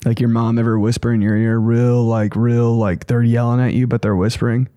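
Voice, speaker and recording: A young man hosting a podcast, riffing in a casual comedic monologue with crude jokes and sudden shrill put-on voices. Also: fairly quick, no echo, highs cut off. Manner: animated, crude, puts on shrill voices for bits. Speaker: podcast host.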